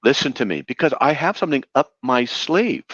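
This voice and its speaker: A man arguing in a heated live debate, his pitch swinging up and down as he fires off incredulous, sarcastic questions and cuts his opponent off. The sound is dull and lo-fi, with a dry, close feel. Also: big pitch swings, fairly quick, fairly bright tone, husky, no echo. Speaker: debater defending a belief.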